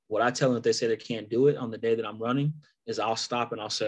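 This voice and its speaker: A man's voice: on the low side, quick pace, hardly any pauses. A man giving a casual sales training talk, laid-back and laughing between points. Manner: animated storytelling.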